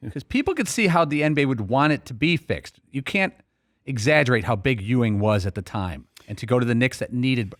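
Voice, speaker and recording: Male talk-show regular, plain questioner, middle pitch; dry studio sound. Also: expressive, brisk, no room sound. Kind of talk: casual studio chat. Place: radio studio.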